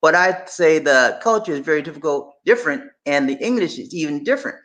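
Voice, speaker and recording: Middle-aged guy on a live stream, pretty high voice, keeps hammering his points and talking right at viewers. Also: lively intonation, a little fast, fairly bright tone. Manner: emphatic and repetitive, talking straight to viewers with "man" and "y'all". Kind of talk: casual live stream chat reading viewer comments.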